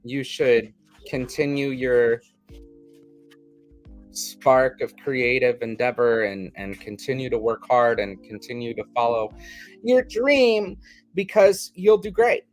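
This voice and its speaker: A man's voice: medium pitch, slow, soft background music. A tipsy man giving a tarot reading in casual podcast chat, meandering and hedging.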